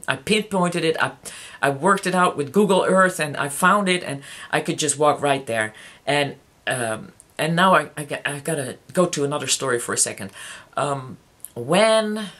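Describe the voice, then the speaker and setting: Halting, heartfelt vlogger talking to subscribers. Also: mid-range voice, a bit bright. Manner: halting, many restarts and fillers; openly emotional, heartfelt. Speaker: YouTuber addressing subscribers. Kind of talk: casual personal vlog.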